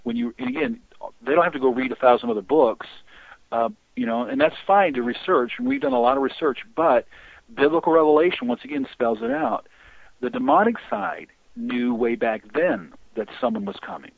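A man telling long stories in an interview, rambling and halting with many restarts. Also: on the high side, very animated, gravelly, husky, no room sound. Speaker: guest on deliverance ministry. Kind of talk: storytelling interview talk. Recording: tinny phone-line audio.

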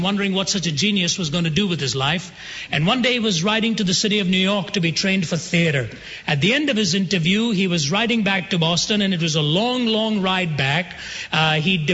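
A man delivers a sermon in a high, bright, ringing voice, slowing down and pausing dramatically to land his points. His voice rolls around a large hall with a long reverb, and the recording is somewhat dull and muffled. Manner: dramatic pauses, slows down for emphasis. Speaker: preacher. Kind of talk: sermon storytelling.

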